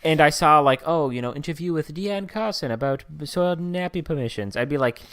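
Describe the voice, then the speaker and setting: A man's voice: expressive, brisk, fairly bright tone, dry recording, studio quality. A man co-hosting a casual podcast chat, joking around with lots of fillers. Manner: jokey, lots of fillers, breaks into silly high voices. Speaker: podcast co-host.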